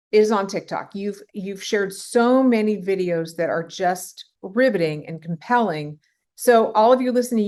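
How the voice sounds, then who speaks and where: A woman's voice: mid-range voice, a little mellow. Chatty woman podcast host. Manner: enthusiastic, chatty interviewer. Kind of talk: casual interview.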